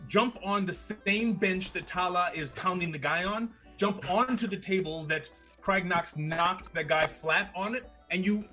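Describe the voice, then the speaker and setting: Male game master, high bright voice, lively theatrical narration. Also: unhurried, hardly any pauses, soft background music.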